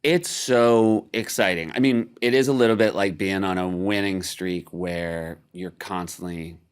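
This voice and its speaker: A man's voice: sits low, steady tone, a little slow, clean tone. A middle-aged man chatting as a podcast guest, laughing often and making dry jokes. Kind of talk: casual chat.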